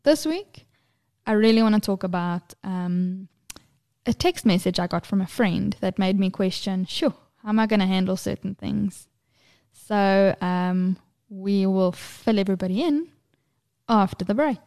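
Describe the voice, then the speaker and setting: A woman, co-hosting a podcast and telling lively, sweary stories about her toddler. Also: mid-range voice, a little slow. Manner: animated storyteller, swears freely, mimics her toddler's voice. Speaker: podcast co-host. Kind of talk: casual podcast chat.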